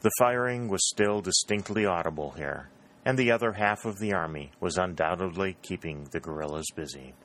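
A man reading an adventure novel aloud as audiobook narration, in a steady storytelling manner that rises for the shouted lines. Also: low-pitched, moderate pace. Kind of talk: scripted narration.

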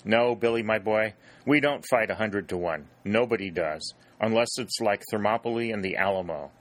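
A man's voice: on the low side, moderate pace, dry recording, natural voice. A man reading an audiobook, voicing a patient young soldier who talks in a soothing, reasoning way. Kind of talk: audiobook character voice.

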